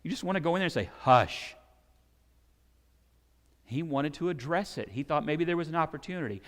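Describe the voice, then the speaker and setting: A man preaching a sermon, animated and conversational, sometimes acting out the shouting crowds he describes. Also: on the high side, racing. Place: church sanctuary. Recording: long hall reverb.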